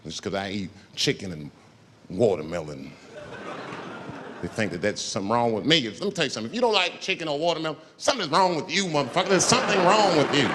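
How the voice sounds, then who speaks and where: A man doing stand-up comedy on stage, an animated, profane storyteller whose pitch jumps up for emphasis. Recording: live show, loud crowd and noise.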